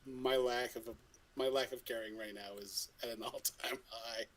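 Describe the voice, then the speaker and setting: Casual male podcast co-host with a medium-pitched voice. He tells stories in a rambling way, stumbles over restarts and swears easily. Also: steady tone, normal speed, fairly bright tone, low-quality recording. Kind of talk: casual storytelling chat.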